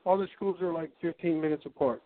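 A man in his fifties, a college tennis coach, calling in as a radio guest, relaxed and polite. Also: fairly high pitch, fast. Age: 50s. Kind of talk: phone-in radio interview. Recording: tinny phone line.

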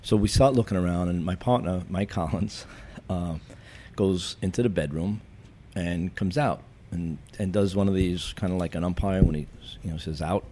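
A retired police chief telling wry, deadpan stories from his career in an interview. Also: deep voice, moderate pace, hardly any pauses, a little hiss or hum. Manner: wry, deadpan anecdotes with cop jargon. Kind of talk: storytelling in a podcast interview.

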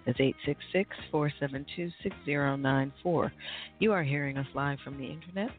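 A woman hosting a radio show, reading the break and sponsor details in a measured, announcer-like way. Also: sits low. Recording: tinny phone-like line with faint music.

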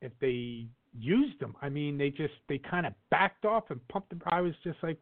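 A man's voice: fairly high pitch, lively intonation, normal speed, few pauses. A man co-hosting a casual sports talk show, rambling with lots of fillers and restarts. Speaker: podcast co-host. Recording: tinny phone-like audio.

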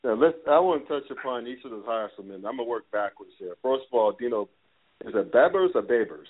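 A man hosts a sports talk show in a loose, conversational way, full of fillers and quick asides. His voice is thin and narrow, like audio coming through a phone. He keeps the chat friendly and informal. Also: medium pitch. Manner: chatty, laughs and says "dude", stumbles on words. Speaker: podcast host. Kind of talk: casual podcast chat. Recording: phone-like line.

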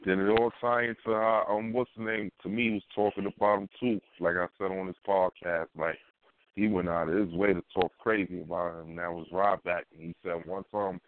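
A man's voice: low voice, little pitch movement, normal speed. A man co-hosting a podcast in casual chat, talking in emphatic slang and repeating himself for effect. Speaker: podcast co-host. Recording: phone-like line with faint noise.

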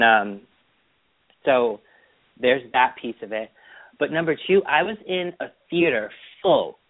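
A man's voice: medium pitch, no echo. A man co-hosting a podcast, chatting casually and telling stories about his weekend, acting out what people said. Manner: chatty storyteller, quotes people in put-on voices. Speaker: podcast co-host. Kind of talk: casual chat. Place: Boston. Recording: dry phone-line sound.

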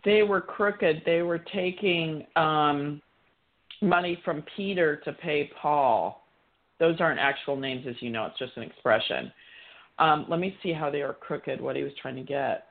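A woman's voice: sits low, measured pace, gravelly, narrow, tinny audio. A woman psychic medium giving a live reading on a call-in show, chatty, relaying messages as quotes.

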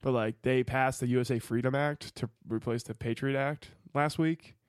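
A young man co-hosting a casual podcast, making wry, deadpan remarks. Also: medium pitch, moderate pace, dry recording, studio quality. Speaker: podcast co-host. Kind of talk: casual chat.

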